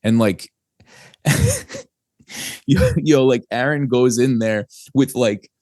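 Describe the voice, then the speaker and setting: A man's voice: medium pitch, slow pace, a little mellow, dry recording, studio quality. A young man from New Jersey, a guest, chatting casually on a podcast in a laid-back, rambling way and swearing freely. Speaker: guest, band singer.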